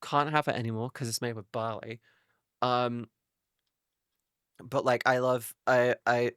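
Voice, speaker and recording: A man's voice: mid-range voice, steady tone, a little slow, pauses often, fairly bright tone, clean tone, no room sound, clean studio sound. A man chatting casually on a live stream, rambling and swearing freely as he talks to his viewers.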